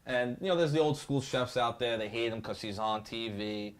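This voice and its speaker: A chatty man from New York, talking as a guest chef in a loose, casual conversation. He tells his stories with energy and often doubles up on his words. His voice sits at a medium pitch. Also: normal speed. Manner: animated, chatty storyteller, repeats words. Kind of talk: casual chat, telling stories.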